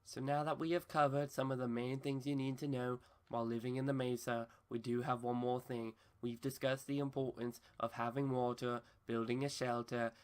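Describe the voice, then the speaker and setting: A man voicing a male wilderness survival show host in a put-on Australian accent, with a stiff, formal, deadpan delivery in a comedy skit. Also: mid-range voice, clear, resonant tone, natural voice. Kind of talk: comedy skit narration over gameplay.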